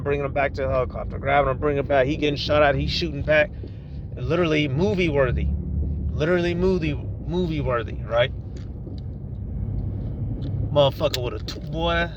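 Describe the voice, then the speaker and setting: A man's voice: mid-range voice, dull audio. Guy going off to his viewers, cussing, repeating himself, street traffic noisy behind him. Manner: emphatic, profane, repeats words, addresses viewers as y'all. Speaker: channel host. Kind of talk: casual commentary to camera. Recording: clear outdoor traffic noise.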